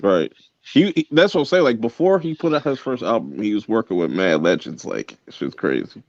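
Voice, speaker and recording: A man's voice: fairly low pitch, very animated, brisk, muffled recording. A man co-hosting a podcast in casual chat, laid-back, acting out quotes as he talks. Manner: laid-back, acts out quotes, swears a lot. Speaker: podcast co-host.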